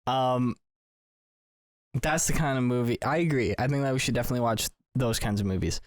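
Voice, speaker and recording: Podcast guy, mid pitch, cracks jokes and fires off questions, dry close mic sound. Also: fairly quick, no echo. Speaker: podcast co-host. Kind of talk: casual chat.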